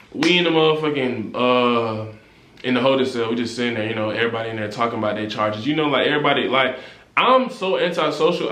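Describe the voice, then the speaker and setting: A young man in casual storytime, telling his story in animated street slang and rising high when indignant. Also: echoey room. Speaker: vlogger.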